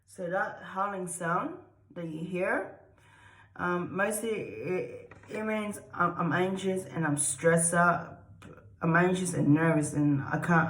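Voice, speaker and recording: A woman's voice: lowish voice, steady tone, a little slow. A woman explaining dog behavior in a rambling, casual way, repeating herself and acting out dog sounds. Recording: roomy echo.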